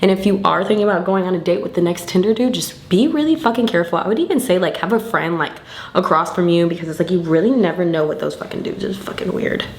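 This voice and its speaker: A woman's voice: lowish voice, fast, roomy sound, a little hiss or hum. A tipsy young woman rambling loosely through a get-ready-with-me vlog, slangy and full of swearing. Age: young adult. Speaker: beauty vlogger.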